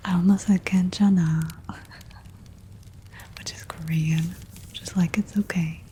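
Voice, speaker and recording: A woman streamer speaking in a soft, soothing ASMR whisper and repeating trigger words gently. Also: on the low side, fairly even intonation, slow pace, a little hiss or hum.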